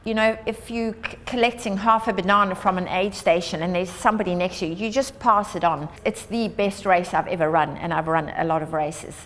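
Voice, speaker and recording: A woman's voice: lowish voice, steady tone, fairly quick, few pauses, a bit bright. A woman from Africa, giving an earnest, upbeat public address as an Australia Day ambassador. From South Africa. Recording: long hall reverb.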